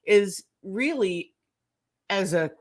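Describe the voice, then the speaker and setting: A woman's voice: mid-range voice, extremely slow. A woman from Canada, a nurse, telling stories in casual radio talk, leaning on "you know". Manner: animated storyteller, fillers like "you know". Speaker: nurse guest.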